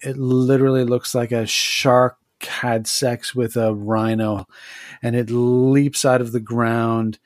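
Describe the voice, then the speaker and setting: A man's voice: mid-range voice, level tone, slow pace, no echo, clean studio sound. A man running a tabletop game as game master, describing scenes and restarting his sentences often.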